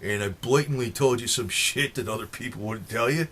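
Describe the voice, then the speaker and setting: A man's voice: mid-range voice, fairly quick, a bit bright, a little hiss or hum. A man with a New Jersey accent rambling in a monologue to his viewers, swearing freely and chuckling between points. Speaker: political vlogger.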